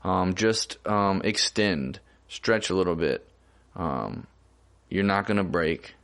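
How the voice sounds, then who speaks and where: A man's voice: deep voice, lively intonation, slow pace, vocal fry, fairly bright tone, clear, resonant tone. A young man in casual podcast chat, laid-back and musing, often trailing off and restarting. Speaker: podcast co-host.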